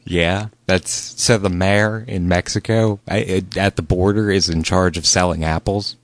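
Deep-voiced man making a blunt, profane prank call. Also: steady tone, moderate pace, no echo. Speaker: prank caller.

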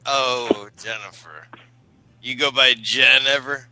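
A man's voice: mid-range voice, fairly even intonation, slow pace, bright, forceful tone, soft background music. A man on a call-in line, teasing and mocking in a prank call, laughing often. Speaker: caller.

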